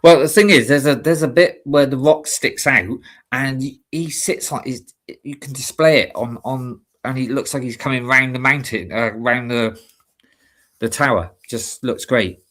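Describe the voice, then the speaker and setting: A man's voice: medium pitch, normal speed, a bit bright. Chatty rambling male stream host. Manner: rambling, chatty, laughs often. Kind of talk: casual chat.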